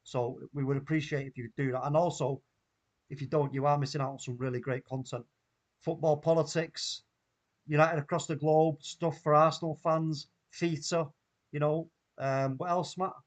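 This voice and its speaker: Excitable Mancunian man hosting a watchalong. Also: fairly high pitch, moderate pace. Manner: excitable, reacts loudly to play. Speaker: watchalong host. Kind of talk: live football watchalong commentary.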